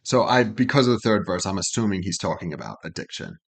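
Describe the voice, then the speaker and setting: A man's voice: low voice, expressive, quick pace, vocal fry. A man co-hosting a reaction channel, breaking down song lyrics in a loose, chatty way and swearing freely. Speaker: co-host of a music reaction channel.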